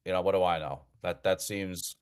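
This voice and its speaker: Lower-voiced chatty man hosting a call-in. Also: steady tone, moderate pace, clean tone. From New Jersey. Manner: chatty, repeats words as he restarts. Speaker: live show host. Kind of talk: casual live call-in chat.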